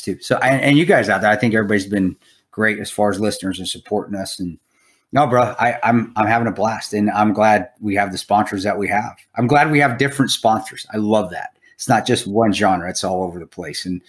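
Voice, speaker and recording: A man co-hosting a podcast in casual chat, rambling and swearing, with lots of restarts. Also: lowish voice. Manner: rambling, profane, restarts a lot. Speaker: podcast co-host.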